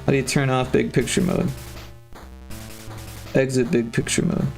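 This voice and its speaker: A man's voice: medium pitch, flat delivery, normal speed, gravelly, darkish tone, faint music behind. A man streaming his game development, chatting casually and thinking aloud with lots of fillers. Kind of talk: casual livestream chat.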